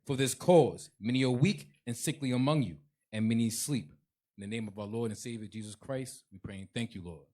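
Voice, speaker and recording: A man reading scripture aloud in a measured, formal way, ending in prayer. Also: medium pitch, dark tone. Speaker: scripture reader.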